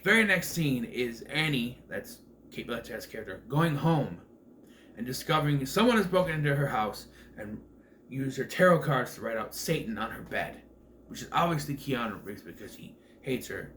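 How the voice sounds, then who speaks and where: A film reviewer gives casual, rambling commentary full of fillers, restarts and self-corrections. His mid-range voice swings widely in pitch and sounds fairly bright at normal speed, with slight background noise.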